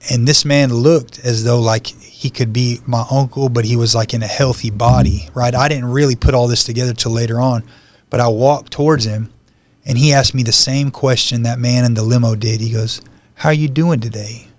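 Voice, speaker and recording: Another podcast guest gives his personal testimony in conversational terms, his voice steady, mid-pitched, and at a normal pace. The recording is dry, and he now and then acts out the lines of people he encountered.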